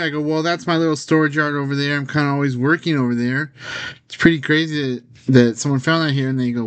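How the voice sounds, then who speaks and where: A man speaking to his own camera in a loose, rambling vlog, piling up fillers as he tells a long anecdote. His voice sits at an ordinary middle pitch for a man, and he slips in the occasional nervous laugh along the way. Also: steady tone, a little fast, clear, resonant tone. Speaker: software founder telling a personal story. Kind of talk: casual storytelling vlog to camera.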